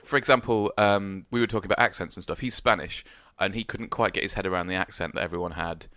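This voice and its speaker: A man's voice: sits low, fast, pushed and bright, no room sound. A man co-hosting a podcast in a radio studio, rambling casually with lots of hesitant fillers. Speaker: podcast co-host. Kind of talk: casual chat.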